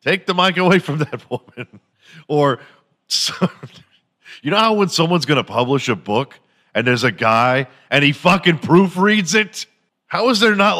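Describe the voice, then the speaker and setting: Bright-voiced man ranting crudely. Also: on the high side. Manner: crude, swears freely, mocking; jumps into silly impressions. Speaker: podcast host. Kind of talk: comedic solo rant.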